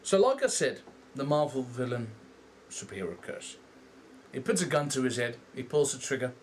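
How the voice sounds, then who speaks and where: A young man with a Dutch accent, rambling through a casual, animated movie review and swearing freely. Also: medium pitch, moderate pace, a little hiss or hum. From Netherlands. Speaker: vlogger.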